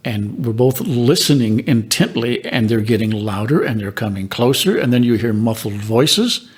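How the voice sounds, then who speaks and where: An older man, a reverend and paranormal investigator, calmly telling ghost stories with measured pauses. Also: medium pitch, husky, no room sound. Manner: calm, measured storytelling with dramatic pauses. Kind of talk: storytelling.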